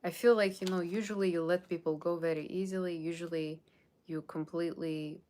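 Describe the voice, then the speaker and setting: Woman, low voice, live tarot reading, chatty and rambling, reads chat comments aloud, playful put-on Halloween voice. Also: fairly even intonation, brisk, darkish tone. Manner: puts on a playful Halloween character voice; loose, rambling delivery with frequent "okay?" and "like". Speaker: tarot reader.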